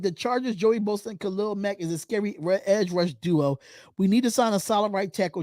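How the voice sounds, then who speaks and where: High-voiced man hosting a chatty fan show. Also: darkish tone, dry recording, studio quality. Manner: chatty, repeats phrases, reads comments aloud. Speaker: podcast host. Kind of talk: casual live-stream chat.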